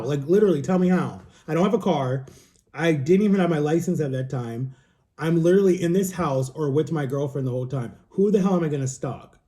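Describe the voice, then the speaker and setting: A man's voice: on the high side, dark tone. A young man telling a personal story in a casual, rambling way, filling his talk with "like" and acting out what others said. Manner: rambling, frequent "like", quotes others in dialogue. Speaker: vlogger. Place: home.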